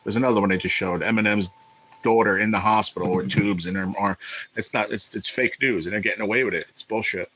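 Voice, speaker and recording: A man's voice: fairly low pitch, fairly even intonation, fast, a bit bright, slight background noise, rough recording. A man hosting a casual livestream, talking in a blunt, profane, irritated way. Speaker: livestream host.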